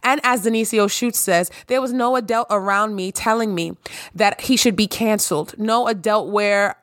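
A woman's voice: mid-range voice, normal speed, fairly bright tone, no room sound, studio quality. A woman in her thirties hosting her own podcast, talking emphatically in a preachy way and firing off rhetorical questions. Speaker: podcast host. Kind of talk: podcast monologue.

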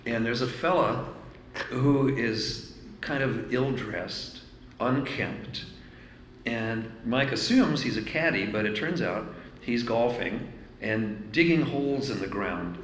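A man's voice: medium pitch, takes it slowly. A man hosting an interview, prompting his guest to tell stories. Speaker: interviewer, host. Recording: echoey hall, ambient noise.

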